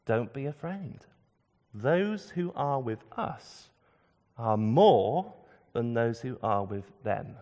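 Calm elderly prophet, unhurried and low, read by a male preacher, reverberant hall. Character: calm old male prophet reassuring his servant. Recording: long reverb of a large hall.

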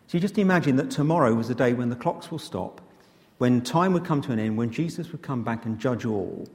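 Preacher in a reverberant church. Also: male voice, medium pitch, expressive, darkish tone. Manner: earnest, measured preaching with rhetorical questions. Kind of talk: sermon. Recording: long hall reverb.

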